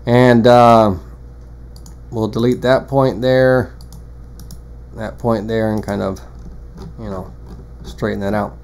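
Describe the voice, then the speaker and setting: A man walking through a woodworking software tutorial in a casual, rambling way, full of fillers and restarts. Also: lowish voice, flat delivery, slow pace, creaky, long pauses. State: has the hiccups. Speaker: CNC woodworking instructor. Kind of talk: screen-recorded software tutorial.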